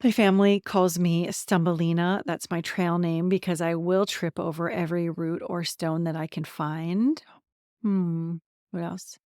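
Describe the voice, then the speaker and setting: A woman's voice: lowish voice, little pitch movement, unhurried, darkish tone, no echo, studio quality. A woman in her forties from central Pennsylvania hosting her own podcast, talking candidly about herself and laughing often. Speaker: podcast host, somatic transformation coach. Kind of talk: personal solo podcast talk.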